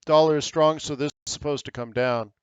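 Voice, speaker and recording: Smooth-voiced American man talking markets. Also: on the high side, fairly even intonation, brisk, no room sound, dull audio. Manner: casual, rambling, thinks aloud with fillers. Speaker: trading webinar host. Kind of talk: live market commentary.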